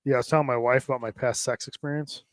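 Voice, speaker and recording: A man co-hosts a casual podcast and delivers crude jokes in a deadpan way. He talks fast at a middle pitch. His voice comes through close and dry. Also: no room sound. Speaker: podcast co-host. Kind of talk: casual chat.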